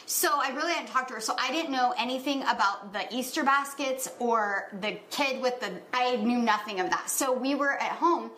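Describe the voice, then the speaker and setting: A woman in her thirties, a podcast co-host, telling her side of a story in casual chat, halting, with restarts. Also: high-pitched, bright, forceful tone, reverberant, rough recording.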